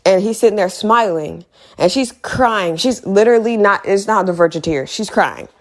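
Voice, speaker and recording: A woman's voice: medium pitch, moderate pace. A young woman giving a heated, exasperated casual recap of a movie, repeating points for emphasis. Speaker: video creator.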